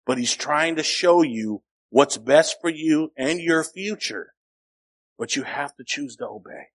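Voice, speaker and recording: A man preaching a sermon as a pastor, telling a personal story in a conversational way, rising to emphatic peaks and dropping quiet. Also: on the high side.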